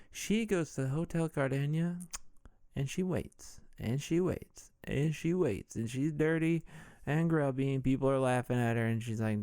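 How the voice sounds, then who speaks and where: A man's voice: mid-range voice, moderate pace, a little mellow, no room sound, clean studio sound. A man hosting a podcast, recapping a movie casually with irreverent jokes and swearing. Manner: irreverent, jokey, swears freely. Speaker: podcast host.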